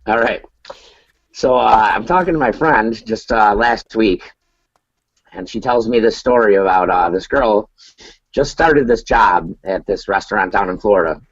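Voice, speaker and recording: A man's voice: lowish voice, a little slow, husky, no room sound. Laughing storyteller man, lo-fi sound. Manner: rambling storyteller who laughs at his own tale. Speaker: podcast co-host. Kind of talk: casual chat, storytelling.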